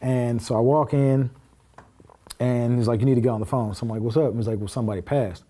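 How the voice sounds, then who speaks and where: Fast and steady, with a dark, mid-range voice, a man on a podcast recounts a personal story in an easygoing way. He performs the dialogue as he goes, speaking plainly and peppering it with filler words and profanity.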